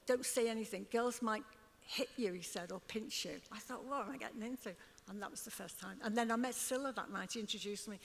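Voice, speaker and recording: A woman's voice: medium pitch, fairly quick, few pauses, fairly bright tone. An older woman with a Liverpool accent, telling stories as an interview guest on stage and often laughing as she acts out what others said. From Liverpool, England. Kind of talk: storytelling on stage. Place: club stage before an audience. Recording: long hall reverb.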